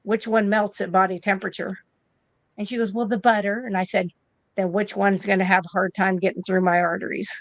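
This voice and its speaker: Woman in her fifties, casual storyteller, plays out both voices of a conversation, mid-pitched, dry close sound. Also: a little fast, dry recording. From United States. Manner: animated, acts out both sides of conversations. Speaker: interview guest, nurse.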